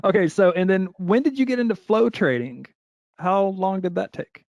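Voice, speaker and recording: A man's voice: high-pitched, expressive, normal speed, vocal fry, a little mellow, dry recording, studio quality. A man hosting a casual interview podcast, easygoing and a bit hesitant, with lots of small agreeing sounds. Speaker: podcast host.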